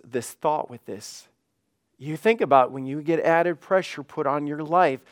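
A man, a pastor, preaching a fervent sermon with emphatic repetitions. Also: a little high.

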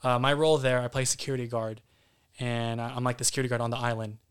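Male podcast guest, mid-pitched and smooth, candid and loose. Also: level tone, fast. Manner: candid, casually profane. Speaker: guest actor. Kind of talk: casual podcast interview.

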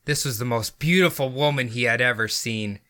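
A man's voice: mid-range voice, a little fast, pushed and bright. A man hosting a podcast, reading out a story in a casual way and laughing often. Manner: giggly, often laughing through his reading. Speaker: podcast host and story narrator.

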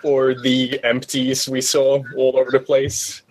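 A man's voice: medium pitch, completely flat delivery, measured pace. A man playing a tabletop game, describing his character in a rambling, hesitant way. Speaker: player. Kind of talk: casual chat.

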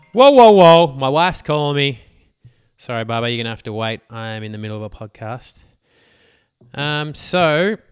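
A man's voice: medium pitch, fairly bright tone, clear, resonant tone. An Australian man in his thirties hosting a podcast, chatting casually and animatedly, with filler words and playful asides. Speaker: podcast host.

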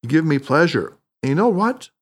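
A man's voice: a little high, animated, fast, a bit bright. A man reading the lines of a skeptical male doctor in an audiobook, doubtful and defensive.

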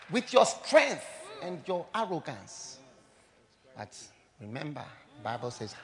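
A pastor, preaching a sermon and telling stories, swinging between loud declarations and hushed asides. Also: male voice, a little high, wildly swooping pitch, a little slow, pauses often, crowd noise.

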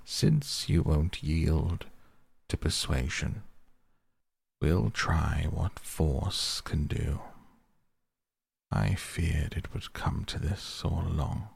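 A man with a deep, gravelly voice voicing a stern, solemn old male badger in a storybook reading, grave, firm and measured. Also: steady tone, a little mellow, no room sound, exaggerated voice.

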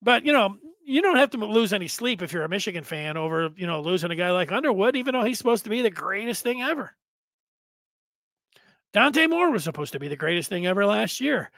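A man hosting a sports talk show, rambling in a casual monologue with sudden loud bursts. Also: high-pitched, sing-song, a little fast, vocal fry, no room sound.

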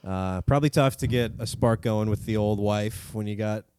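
A man's voice: fairly low pitch, moderate pace, a little mellow, slight background noise. A man hosting a casual, joking history podcast, rambling and self-mocking in a cold room. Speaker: podcast co-host. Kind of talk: casual comedic history chat.

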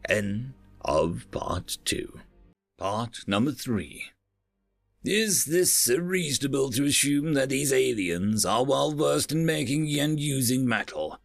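Male storyteller, gravelly and animated, dry sound with faint music under. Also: mid-range voice, slow, dry recording. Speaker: narrator. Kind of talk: storybook narration.

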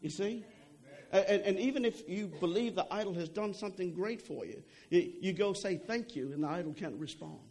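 A man's voice: high voice, a little fast, a little mellow. A young adult man preaching a sermon in a conversational way, often checking in with "okay?" and repeating words as he goes.

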